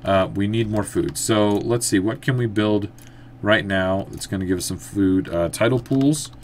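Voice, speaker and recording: A man's voice: lowish voice, normal speed, a little hiss or hum. Chatty man narrating his gameplay. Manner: chatty, thinks aloud, excitable outbursts. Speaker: gameplay commentator. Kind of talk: let's play commentary.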